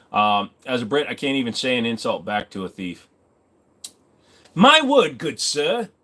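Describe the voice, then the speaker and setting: A man's voice: mid-range voice, fairly bright tone. Rambling, joking streamer guy. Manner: rambling, joking, swears freely. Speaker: livestream host. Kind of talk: casual livestream chat. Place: home computer desk.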